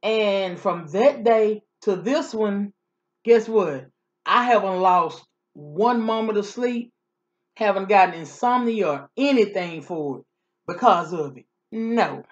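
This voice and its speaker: A woman's voice: mid-range voice, expressive, slow, dull audio. A woman vlogger chatting casually through a story, sassy and repetitive.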